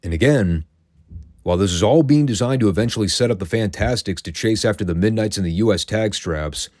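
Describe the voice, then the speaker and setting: Deep-voiced man recapping old wrestling. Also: darkish tone, dry recording, studio quality. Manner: chatty, wry, opinionated storytelling. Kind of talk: casual solo recap commentary.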